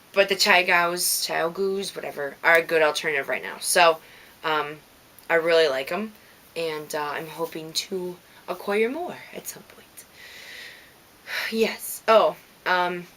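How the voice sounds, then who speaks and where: A woman's voice: on the low side, sharp tone. A woman with a light Minnesota accent, hosting a knitting podcast in casual, rambling chat and thanking listeners by name.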